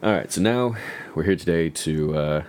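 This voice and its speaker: A man's voice: extremely low pitch, normal speed, a little mellow, a little hiss or hum. A man hosting a podcast, telling a story in casual chat, swearing freely and laughing often. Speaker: podcast host.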